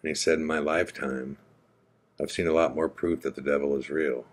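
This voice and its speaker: A podcast host, a man, slowly and quietly retelling a heartfelt conversation, quoting both sides. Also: extremely low pitch, fairly even intonation. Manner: slow, quiet, reflective retelling with quoted dialogue. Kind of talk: emotional personal storytelling.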